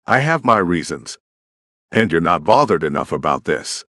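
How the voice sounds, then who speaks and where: Man doing a paranoid hacker, curt, accusing, low voice, dry close sound. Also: sing-song, moderate pace, bright, forceful tone, no echo, heavily acted. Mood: cold. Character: paranoid, suspicious male hacker partner, cold and disapproving.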